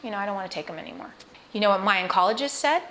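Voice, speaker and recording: A middle-aged woman talking straight to the viewer in a personal vlog. Her delivery is earnest and emotional, full of restarts, asides and direct questions to the listener. Her voice sits at an ordinary pitch for a woman. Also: animated, racing, fairly bright tone. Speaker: cancer patient sharing her experience. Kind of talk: personal vlog talk to camera.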